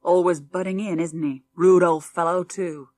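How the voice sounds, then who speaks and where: A woman voicing a boastful middle-aged father with an American accent and a loud, chummy drawl, in a storybook reading. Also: lowish voice, fairly even intonation, normal speed, no echo, natural voice. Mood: sly.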